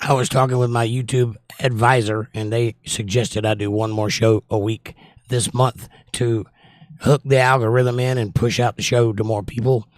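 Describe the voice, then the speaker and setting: Dry-voiced joking livestream host. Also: male voice, medium pitch, flat delivery, normal speed, no echo. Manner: joking, upbeat greetings to viewers. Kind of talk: casual livestream chat, reading viewer comments.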